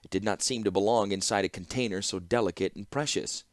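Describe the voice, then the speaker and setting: A man narrating a fantasy audiobook with expressive storytelling. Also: fairly low pitch, quick pace, no room sound, clean studio sound. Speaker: audiobook reader.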